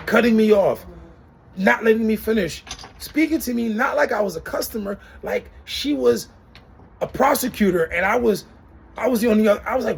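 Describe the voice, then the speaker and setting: A young man rants in a casual vlog, reviewing his insurer through an exasperated tale about his claim. He's animated and acts out other people's lines, speaking at normal speed in a high-pitched voice with vocal fry and a breathy edge.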